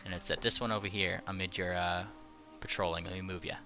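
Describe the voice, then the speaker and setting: A man's voice: deep voice, little pitch movement, fast talker, music in the background. A man narrating as game master of a tabletop game in a loose, joking way, full of fillers.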